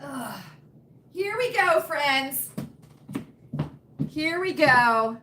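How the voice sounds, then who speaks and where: A woman's voice: high-pitched, lively intonation, drawn-out words, background noise. A woman hosting a casual live chat from home to her viewers on a computer webcam, folksy and chatty, repeating her phrases for emphasis. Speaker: livestream host.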